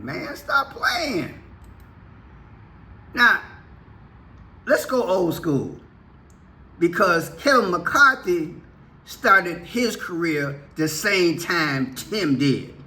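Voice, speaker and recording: A man hosting his own channel, giving casual political commentary with playful, drawn-out exclamations. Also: a little high, expressive, pushed and bright. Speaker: channel host.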